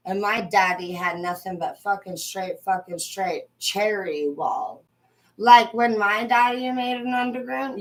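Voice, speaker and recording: A young adult woman from Washington state, angrily ranting to her viewers and swearing constantly, swinging between loud outbursts and low muttering. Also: poor audio. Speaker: vlogger. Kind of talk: profane ranting monologue.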